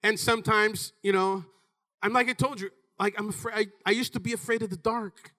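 A man in his thirties with a high voice preaches an energetic sermon, bright and forceful in tone. He speaks to the congregation in quick, animated bursts, sometimes shouting, and calls out "Amen?" to them.

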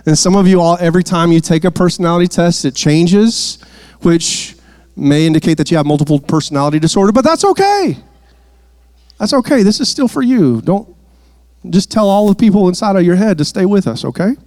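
Preacher, high-voiced man, jokey asides, dry close sound. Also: lively intonation, brisk, darkish tone, dry recording. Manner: playful asides, repeats words. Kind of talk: sermon.

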